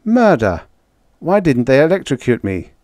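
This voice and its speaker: A man's voice: medium pitch, very animated, moderate pace, a little mellow, dry recording, pitched above the performer's own voice, natural voice. A man playing a shaken, tense prisoner. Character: shaken middle-aged man in a stolen younger body.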